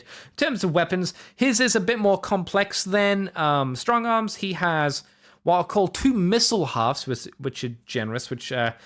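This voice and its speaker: A man hosts a podcast in a loose, conversational toy-review chat, with a voice that sits a little above the usual male pitch. He rambles, stacks up ums and uhs, corrects himself mid-sentence and drops offhand jokes. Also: fairly bright tone. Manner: rambling, many fillers and self-corrections; jokey, offhand asides. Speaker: podcast host.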